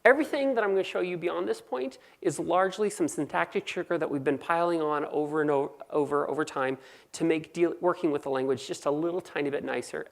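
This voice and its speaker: A woman with a Californian accent giving a quick, joking technical conference talk. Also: deep voice. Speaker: conference speaker.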